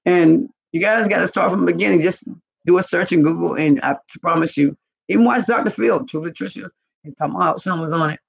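A woman's voice: lowish voice, brisk, vocal fry, husky. A woman hosting a casual live stream, rambling and gossiping with lots of profanity. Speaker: channel host. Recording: muffled lo-fi recording.

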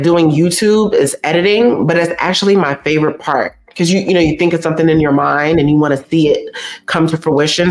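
Low-voiced chatty woman on a livestream. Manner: chatty, effusive, repeats herself. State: teary, stuffy nose. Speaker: YouTube host reading live chat. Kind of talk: casual livestream chat.

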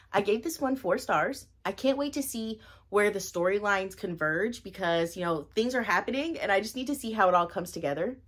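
A woman's voice: medium pitch, fairly bright tone. A woman doing a casual reading wrap-up vlog, talking in a bubbly, gushing way and repeating words for emphasis. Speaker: book reviewer.

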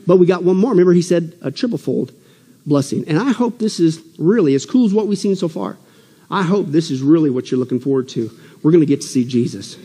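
A man preaching a conference sermon with exuberant energy, swinging between loud exclamations and low asides. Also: fast talker, breathy edge, in a large hall. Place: church hall.

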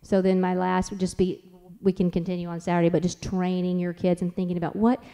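A woman's voice: fairly low pitch, level tone, fast, mellow, smooth, in a large hall. Chatty woman telling stories at a church conference. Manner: chatty and rambling, lots of "like", restarts. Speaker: conference speaker and mother. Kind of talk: conference talk with storytelling.

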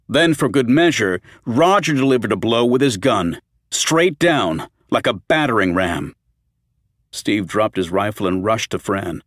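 A man's voice: lowish voice, dry recording, clean studio sound. A man reading a horror novel aloud as an audiobook narrator, with a tense, dramatic delivery.

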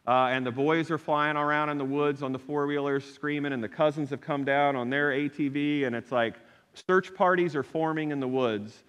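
A middle-aged man preaching a sermon, telling a personal story in an animated way and acting out the people he quotes. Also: fairly high pitch, moderate pace, smooth. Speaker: pastor. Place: church sanctuary. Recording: long hall reverb.

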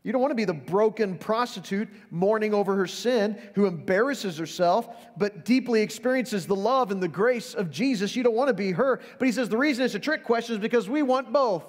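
A man preaching in a church, his voice a little high for a man and trailing off into a long hall reverb. He is earnest, going soft and low when he quotes scripture, then climbing into urgent appeals. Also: a little fast, faint music behind. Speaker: pastor. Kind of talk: sermon. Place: church sanctuary.

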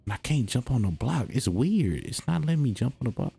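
A young man giving excitable, slangy commentary while playing a video game, talking to himself and hushing when the game gets quiet. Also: medium pitch, fairly quick, vocal fry, husky, dry recording. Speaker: gaming video host. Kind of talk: let's-play commentary.

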